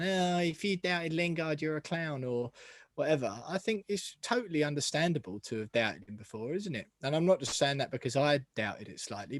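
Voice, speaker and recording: A man's voice: on the high side, no room sound, clean studio sound. Chatty man hosting a podcast. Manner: chatty, self-deprecating, laughs often. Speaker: podcast host. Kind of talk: casual football podcast chat.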